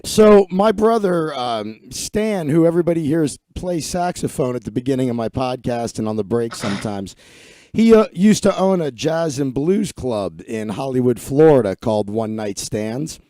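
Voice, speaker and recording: A man's voice: medium pitch, expressive, normal speed, dark tone, no echo. A man hosting a podcast, chatting casually and animatedly with a fellow comedian, laughing easily and swearing freely. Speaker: podcast host. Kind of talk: casual chat.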